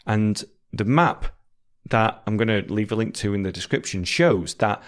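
This low-pitched British man teaches English, walking learners through word meanings. He repeats each example sentence at a slow, clear pace.

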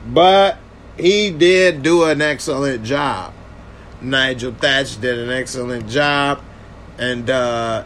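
A man's voice: mid-range voice, a bit bright, slight background noise. A man casually reviewing a TV episode and answering viewer comments in a loose, conversational way. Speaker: TV show reviewer. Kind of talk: casual reaction video commentary.

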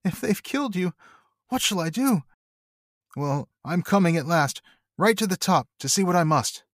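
A man's voice: medium pitch, lively intonation, a little fast, dry recording, pitched above the performer's own voice, natural voice. A devoted young hobbit cries out for his master in a raised, strained voice, near sobbing, as a man reading the book puts him on. The sound is dry and close, with no room around it. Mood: desperate. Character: loyal young male hobbit servant, anxious. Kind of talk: audiobook-style reading aloud.

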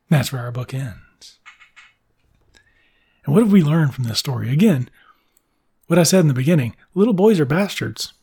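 A young man with a rough, gravelly edge to his voice and a husky grain underneath. He recaps a story with crude, sarcastic humor, swearing freely and popping into quick character voices. The delivery is comedic and loose. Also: medium pitch, a little mellow. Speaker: comedic book reviewer. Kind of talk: profane comedic story retelling.

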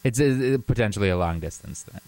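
A man, a stand-up comedian, talking in a calm, dry, sarcastic way as an interview guest. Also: fairly low pitch, a little fast.

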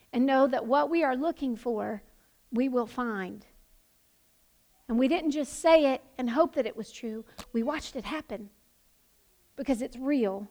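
High-voiced impassioned woman preaching. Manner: impassioned, building to emphatic shouts. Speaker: pastor. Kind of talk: sermon.

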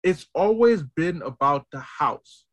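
Animated male podcast co-host; high, bright timbre; excitable storyteller. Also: takes it slowly. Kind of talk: casual film discussion.

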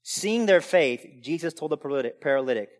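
A man preaching a sermon as pastor, emphatic, swinging between loud preaching and quiet asides. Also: a little high, expressive, fast. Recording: long hall reverb.

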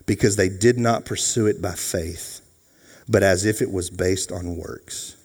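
A man preaching a sermon as pastor, animated and jokey, acting out voices. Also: low-pitched, a little slow, husky. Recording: long hall reverb.

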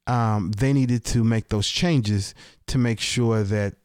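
A man co-hosting a podcast, talking in a halting way with frequent restarts in casual chat about a game. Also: lowish voice, darkish tone, clear, resonant tone, no echo, clean studio sound. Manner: halting, hesitant, many restarts and fillers. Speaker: podcast co-host.

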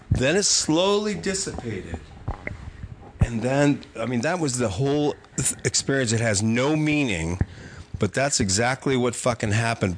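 An older man, a comedy writer and podcast guest, telling a story in a vivid, profane and animated way. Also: mid-range voice, a little hiss or hum.

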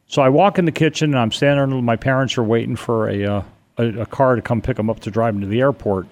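An older man from Connecticut, telling a long personal story in a rambling, animated way, with many restarts. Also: mid-range voice, fast. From Connecticut, USA. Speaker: guest telling a ghost story. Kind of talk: casual storytelling on radio.

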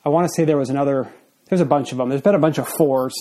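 On his casual solo podcast, a man in his forties talks fast in a mellow, medium-pitched voice. He's slightly breathless, and his rambling is loose, peppered with fillers and restarts.

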